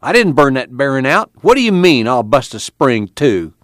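A man's voice: sits low, normal speed, breathy edge, dry recording, studio quality. A man voicing a young male farmhand who complains and gets defensive. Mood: indignant. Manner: indignant, complaining drawl.

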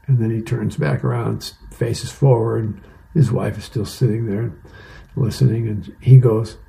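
A man reading newspaper advice columns and comic strips aloud as a volunteer reader, in a relaxed, conversational way. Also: mid-range voice, unhurried, gravelly, poor audio.

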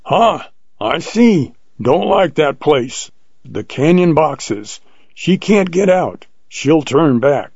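A man voicing a gruff old plainsman hunter who booms and shouts his commands, on a dull lo-fi recording. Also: slow pace, no room sound, full character voice. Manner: booming, excited shouts.

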